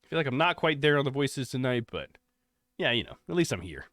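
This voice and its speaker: A man's voice: medium pitch, fast, no room sound. Brief: stuffed-up young male streamer, nasal, easygoing chat, dry mic. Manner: relaxed, rambling, thankful. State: congested and coughing. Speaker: live streamer. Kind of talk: casual chat with chat.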